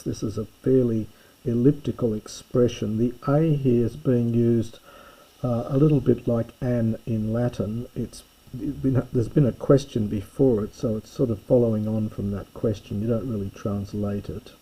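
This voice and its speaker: A man giving a recorded lesson, reading and explaining a Greek text in a slow, methodical way with frequent pauses and fillers. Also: mid-range voice, fairly even intonation, warm tone, breathy edge, poor audio. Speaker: teacher.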